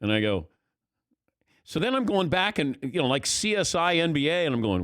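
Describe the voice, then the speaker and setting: A middle-aged man hosting sports talk radio, telling stories with lively energy and acting out his own past thoughts. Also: fairly high pitch, normal speed, no room sound, studio quality.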